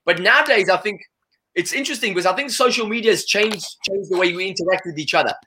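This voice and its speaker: Fast, bright-voiced man talking energetically. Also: sits high, a little hiss or hum. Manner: energetic, repeats "you know" often. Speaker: interview guest. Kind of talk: casual conversational interview.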